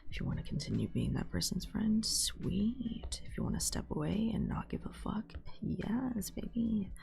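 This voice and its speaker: A young woman streamer chatting casually while she draws, sarcastic and slangy, swearing freely and slipping into soft whispery asides. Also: lowish voice, very animated, fast, vocal fry. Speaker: live streamer.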